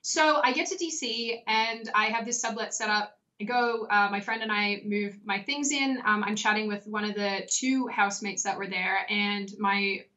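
A woman's voice: medium pitch, steady tone, moderate pace, few pauses, sharp tone, dull audio. A young woman telling a story in a chatty, casual way, with fillers and asides as she goes. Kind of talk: casual anecdote.

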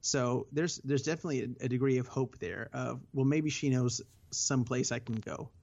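A man's voice: mid-range voice, fairly even intonation, moderate pace, creaky, a little mellow. A man co-hosting a casual book discussion podcast, thinking aloud with many hesitations and fillers. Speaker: podcast co-host. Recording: slightly dull lo-fi audio.

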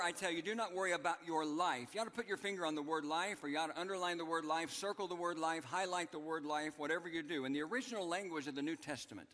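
A man's voice: sits high, bright, forceful tone, in a large hall. A man preaching a sermon as pastor, emphatic and repeating his key phrases for the congregation. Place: church sanctuary.

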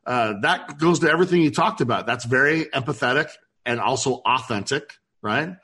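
A man's voice: mid-range voice, normal speed, bright, forceful tone. A man hosting a business podcast, reacting with enthusiasm and asking questions. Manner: enthusiastic, effusive interviewer. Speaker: podcast host. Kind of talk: interviewing.

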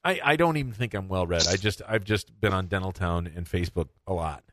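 A man from the American Midwest hosting a podcast, joking and excitable in casual chat. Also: low-pitched, a little fast.

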